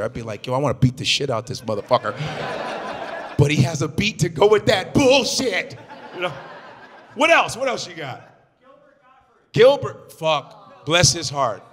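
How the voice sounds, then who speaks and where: A man riffing stand-up on stage, his high, bright voice swinging wide as he swears and shouts his punchlines. The sound carries the long reverb of a large room. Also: breathy edge. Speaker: stand-up comedian.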